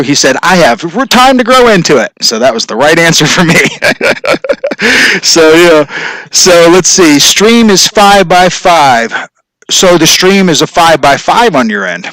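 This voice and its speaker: Bright, chatty male livestream host. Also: on the high side, no echo, low-quality recording. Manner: rambling, chuckles at own corny jokes. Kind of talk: casual livestream chat. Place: home workshop studio.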